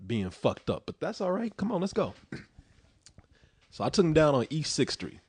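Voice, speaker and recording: Here a talk-show storyteller, slightly high-voiced and a bit rough, spins a rowdy yarn at normal speed, cursing freely and chuckling as he goes. It's profane, lively telling, captured in a dry recording.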